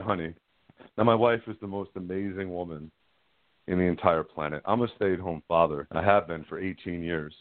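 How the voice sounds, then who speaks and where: A middle-aged man calls into a radio interview and tells a personal story in a frank, rambling way. He laughs at himself as he goes. His low voice comes through a tinny, dry phone line. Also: no room sound. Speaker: guest caller.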